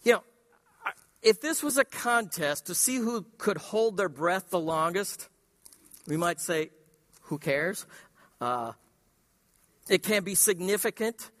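A man's voice: high voice, animated, a bit bright. A man preaching a sermon as pastor, emphatic and repetitive, in a church sanctuary. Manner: emphatic preaching with repetition and slow dramatic pauses. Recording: long hall reverb.

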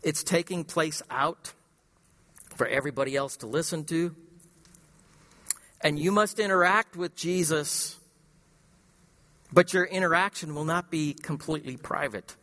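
A male pastor preaching a sermon, emphatic, firing rhetorical questions and swinging between loud and hushed delivery. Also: a little high, measured pace, pauses often, big-room sound.

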